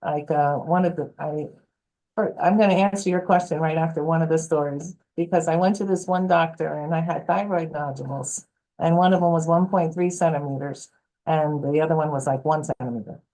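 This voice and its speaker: Mellow-voiced woman health coach. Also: deep voice, fairly quick, low-quality recording. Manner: animated, acts out quoted voices. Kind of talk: storytelling interview answer.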